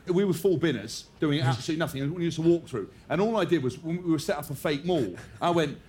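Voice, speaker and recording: A man's voice: fairly high pitch, animated, fast talker, darkish tone. A man telling a rugby-training story in casual podcast banter, laughing as he acts out the quotes. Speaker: podcast co-host.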